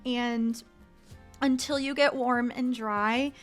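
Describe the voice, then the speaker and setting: A woman's voice: on the high side, steady tone, slow pace, soft background music. Giggly woman game master. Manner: casual, giggly, filler-heavy. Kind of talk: narrating a tabletop game.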